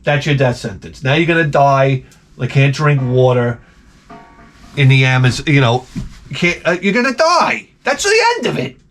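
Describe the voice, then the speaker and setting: Crude rambling man with big swings in pitch. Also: very animated, normal speed, soft background music. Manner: rambling and crude, with loud outbursts. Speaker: vlog host. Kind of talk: profane comic storytelling.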